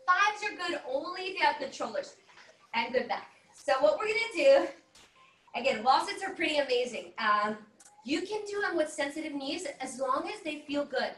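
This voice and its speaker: A woman's voice: high voice, lively intonation, normal speed, fairly bright tone. A woman fitness instructor leading an online workout class, cheering and coaching while she exercises, a bit out of breath. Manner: upbeat coaching with whooping cheers. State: slightly out of breath. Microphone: laptop mic on a video call, at a distance. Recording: roomy and distant from the mic.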